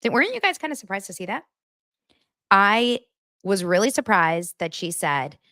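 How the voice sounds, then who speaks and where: A woman's voice: medium pitch, normal speed, long pauses, dry recording, studio quality. A woman hosting a chatty reality TV gossip recap, talking straight to her viewers. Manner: animated, chatty, addresses viewers directly. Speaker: host.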